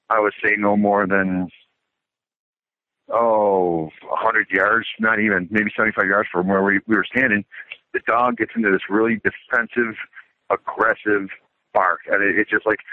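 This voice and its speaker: A man's voice: fairly low pitch, no room sound. A middle-aged man calling in, telling a story in a casual, matter-of-fact way, like a military report. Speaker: caller. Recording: tinny phone line.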